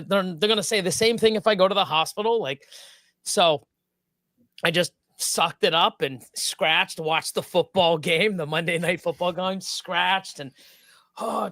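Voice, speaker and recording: A man's voice: high voice, pushed and bright, dry recording. A man co-hosting a live stream, telling a story in casual chat, rambling and swearing freely with lots of stops and restarts. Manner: rambling and profane, with many restarts.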